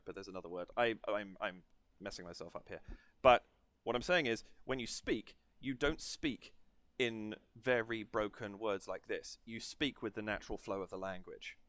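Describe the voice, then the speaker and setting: A man with a lowish, fairly bright voice, recorded without echo, offers music analysis commentary in his reaction video. He digresses while breaking down the song's rhythm, counting and humming beats along the way.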